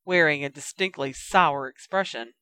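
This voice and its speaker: A woman narrating a story in an even, measured reading. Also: low voice, clean tone. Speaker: audiobook reader.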